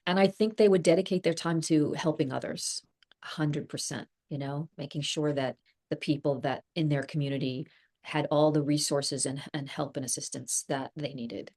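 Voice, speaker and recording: A woman's voice: sits low, fairly even intonation, moderate pace, darkish tone. A middle-aged woman, an actress being interviewed, talking in a thoughtful, rambling way with frequent laughs. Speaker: actress guest. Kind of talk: casual interview chat.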